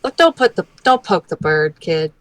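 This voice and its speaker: Woman player, wry and bossy, with a very lively up-and-down voice, recorded dry and close. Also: fairly low pitch, normal speed, no room sound, rough recording. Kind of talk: casual tabletop play.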